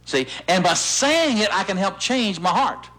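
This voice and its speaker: A man preaching as pastor, leading his congregation in repeating lines, animated and insistent. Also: unhurried. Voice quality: animated, swooping pitch when stirred. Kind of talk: sermon with call-and-response.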